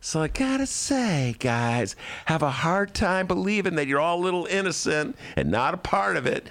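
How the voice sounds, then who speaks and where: A man's voice: high voice, normal speed. A man from Chicago co-hosting a podcast, ranting sarcastically in casual chat. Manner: animated and sarcastic, slips into mocking voices. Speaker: podcast co-host.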